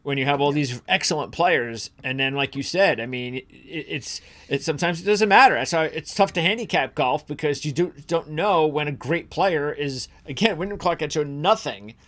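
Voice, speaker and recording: A man's voice: a little high, animated, moderate pace, few pauses, a bit bright. Opinionated man rambling about golf. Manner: opinionated, rambling with many restarts. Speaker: golf betting podcast co-host. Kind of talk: casual sports chat.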